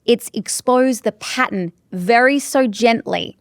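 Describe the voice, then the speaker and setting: A woman's voice: fairly high pitch, slow pace, no echo, studio quality. A woman hosting a conversational interview about sales, earnest and emphatic, repeating her key phrases. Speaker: podcast host and sales coach.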